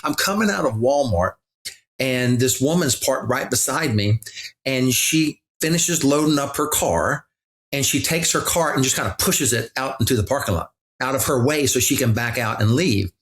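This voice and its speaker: A man's voice: mid-range voice, animated, moderate pace, fairly bright tone. Man, middle-aged, pastor guest, reflective podcast talk, earnest, frequent restarts. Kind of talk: reflective conversation.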